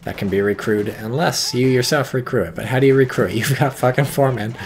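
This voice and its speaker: A man giving casual, profane, excitable commentary on a strategy game match, with wry asides. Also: medium pitch, brisk. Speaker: game caster.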